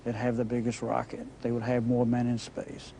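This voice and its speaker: A man's voice: medium pitch, completely flat delivery, moderate pace, creaky, warm tone, slight background noise, rough recording. A man explaining past events matter-of-factly in a documentary interview.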